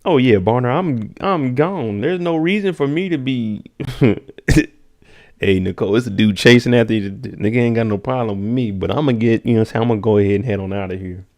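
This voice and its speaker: A man with a brisk pace and darkish tone recaps a TV episode for his stream. Laid-back and slangy, he responds to chat by name and acts out moments in high voices.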